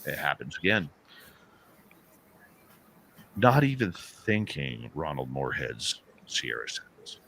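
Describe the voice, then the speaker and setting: A man, a paranormal radio host, telling an animated story as an interview guest and acting out the dialogue. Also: very deep voice, slow, vocal fry, pauses often, a little hiss or hum. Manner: animated storyteller who acts out quoted dialogue.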